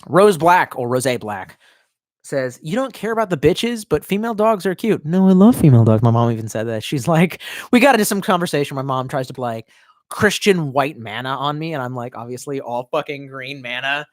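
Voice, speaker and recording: A man in his twenties chatting casually on a live stream and reading out chat comments. He swears constantly and rambles, jumping between loud outbursts and quiet mutters, and he sounds drunk. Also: on the high side, animated, fairly quick, dry recording, clean studio sound. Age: 20s.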